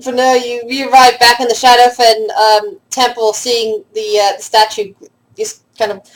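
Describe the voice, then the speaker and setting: Halting woman game master. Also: on the high side, level tone, low-quality recording. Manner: halting, many restarts and fillers. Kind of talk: narrating a tabletop role-play game.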